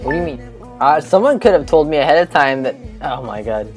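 A man's voice: fairly high pitch, animated, a little fast, faint music behind. A man streaming a game live, chatting and joking crudely with friends on voice chat. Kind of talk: casual gaming banter on live stream.

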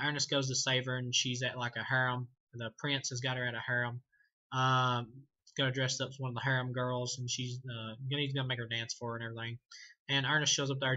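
A man's voice: mid-range voice, bright, forceful tone, lo-fi sound. A man casually reviewing a movie, rambling, swearing and laughing often as he talks. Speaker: film reviewer.

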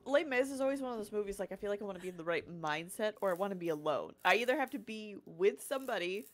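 Playful woman co-host with a lively voice. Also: mid-range voice, quick pace. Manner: playful, laughing reactions. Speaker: stream co-host. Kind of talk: casual gameplay chat.

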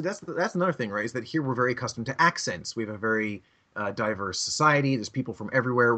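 A man chatting on a comedy podcast, his voice bright and lively as it rises and falls. He tells loose stories and keeps dropping into mock voices. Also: medium pitch. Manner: animated storyteller who slips into mock voices. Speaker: podcast co-host. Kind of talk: casual comedic chat.

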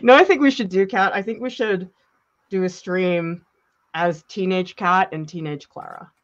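A woman's voice: on the low side, moderate pace, highs cut off. A woman art teacher chatting casually and playfully during an art demo, teasing her co-host.

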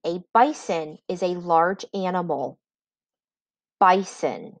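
Slow, patient woman teacher dictating words. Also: medium pitch, expressive, no echo, low-quality recording. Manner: patient, clearly enunciated dictation. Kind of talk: slow spelling lesson dictation.

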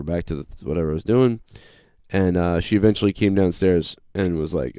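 Smooth-voiced Boston man, rambling and profane. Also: low-pitched, quick pace, mellow, no room sound, clean studio sound. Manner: rambling, profane, self-deprecating. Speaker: live show host. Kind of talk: casual live-stream storytelling.

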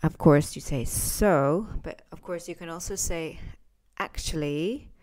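A woman teaching English phrases in a chatty podcast lesson, acting out sample lines with lively intonation. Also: low voice, unhurried.

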